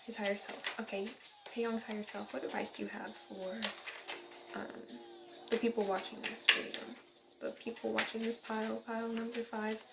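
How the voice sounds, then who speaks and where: A woman's voice: on the high side, completely flat delivery, moderate pace, gravelly, heavy background noise. A young woman from central Illinois giving a casual, upbeat tarot reading, chatty and giggly. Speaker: tarot reader.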